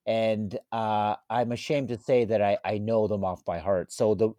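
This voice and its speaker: A man in his thirties co-hosting a casual podcast chat, telling stories in a rambling, animated way. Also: fairly low pitch, moderate pace, dry recording. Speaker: podcast co-host.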